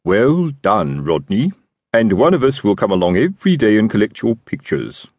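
A man's voice: fairly low pitch, big pitch swings, normal speed, darkish tone, breathy edge, no echo. A man voicing a pompous, chatty middle-aged watch sergeant. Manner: self-important, expansive.

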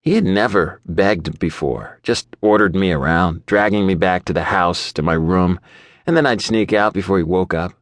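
A man narrating an audiobook in the first person, measured and even. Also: low-pitched, no room sound. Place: studio booth.

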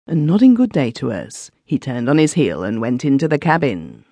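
A woman's voice: extremely low pitch, wildly swooping pitch, moderate pace, dark tone, dry recording. A woman narrating a classic story in the first person as a villager, recorded on a close studio mic. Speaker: audiobook narrator.

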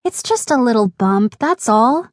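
A woman's voice: fairly high pitch, expressive, measured pace, no echo. A woman voicing a sensible, protective older sister in a storybook, caring and firm. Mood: soothing. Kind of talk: storybook character voice. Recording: dry studio recording.

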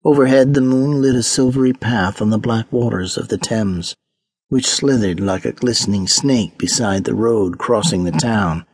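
A man reading a historical mystery audiobook in measured, dramatic narration on a close microphone. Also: mid-range voice, slightly rough, dry recording. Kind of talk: scripted narration.

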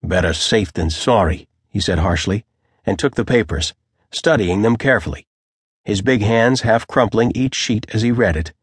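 A man narrating an audiobook in a measured, even storytelling manner. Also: fairly low pitch, slightly rough, no echo, studio quality. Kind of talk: scripted narration.

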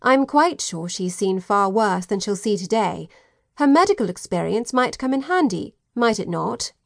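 A determined young Englishwoman sleuth speaks in an insistent, brisk way, voiced by a woman narrator. Her pitch sits in the middle range and the recording is dry. She is an audiobook character. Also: lively intonation, creaky, no echo.

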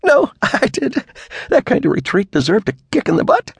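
Guy doing a sassy young secretary gal, bubbly, voice jumps way up, gravelly under it. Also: high voice, huge pitch swings, racing, sharp tone, no echo, voice pushed up, heavily acted. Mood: gleeful. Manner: bubbly, cheeky. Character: cheeky, excitable young female secretary.

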